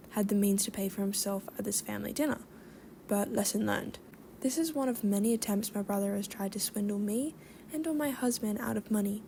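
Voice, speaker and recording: Woman reading stories, gravelly dark voice. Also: mid-range voice, slight background noise. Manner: even, conversational reading with brief asides. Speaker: story reader. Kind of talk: reading online stories aloud.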